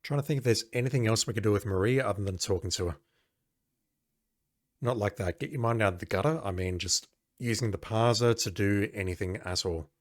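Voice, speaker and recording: A man's voice: lowish voice, brisk. A man giving casual, wry, chatty commentary while playing through a retro game. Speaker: let's-play host.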